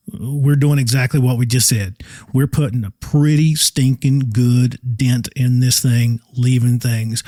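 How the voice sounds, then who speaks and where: A man's voice: on the high side, darkish tone, no room sound. A man hosting a casual solo podcast, talking in a folksy, enthusiastic, rambling way from home. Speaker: podcast host.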